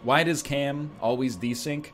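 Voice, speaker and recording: A man's voice: mid-range voice, steady tone, unhurried, a bit bright, faint music behind. A man joking and thinking aloud as he plays a strategy game, giving casual gameplay commentary. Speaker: gaming streamer.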